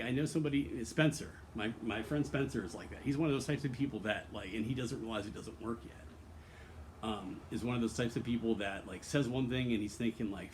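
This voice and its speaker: A man at a middle pitch pours out a rambling personal confession. His talk is candid and earnest, laced with swearing, and full of false starts and fillers as he circles his point. A faint hum of background noise sits under his voice. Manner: earnest and emotionally open. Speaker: vlogger.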